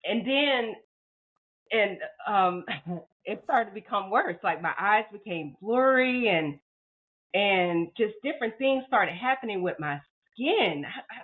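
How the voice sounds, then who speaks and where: A woman's voice: medium pitch, expressive, a little slow. Woman, podcast guest, heartfelt personal story, stumbles and repeats words, phone-like tinny sound. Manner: heartfelt, repeats words when emotional, acts out her own past thoughts. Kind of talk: emotional personal story in an interview. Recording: phone-like narrow audio.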